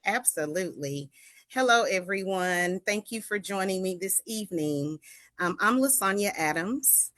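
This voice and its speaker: An older woman answers interview questions over a video call. She speaks in a composed, earnest and measured way. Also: medium pitch, lively intonation, a bit bright, no room sound. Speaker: guest, foundation founder.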